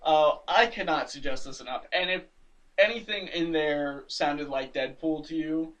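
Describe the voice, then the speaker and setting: A man chats casually on a podcast, recapping a comic with lots of laughter and quick acted-out lines. His voice sits a touch high and sounds a little distant from the mic. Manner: animated, laughs often, acts out characters' lines. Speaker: podcast co-host.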